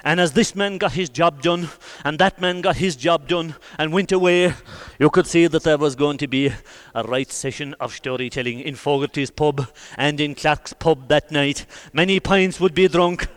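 Lively Irish folk storyteller, man. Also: fairly high pitch, moderate pace. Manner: lively, colloquial and vivid, swinging between loud bursts and hushed asides. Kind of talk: traditional oral folk storytelling.

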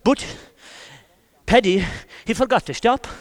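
An Irish man spins a traditional folk tale in a colloquial, lively voice that sits high for a man. He swings from loud, vivid bursts down to hushed asides. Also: a little slow. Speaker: storyteller. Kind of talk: traditional oral folk storytelling.

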